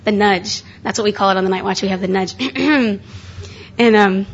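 A woman's voice: mid-range voice, normal speed, husky. A young woman preaching at a conference session in a casual, chatty way, with many fillers and restarts. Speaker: conference speaker. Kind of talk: sermon. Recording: muffled lo-fi live recording.

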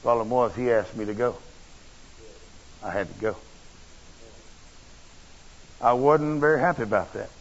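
A man's voice: medium pitch, lively intonation, unhurried, pauses often. A man preaching a sermon, telling a personal story in a folksy, blunt and emphatic way. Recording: dull lo-fi recording.

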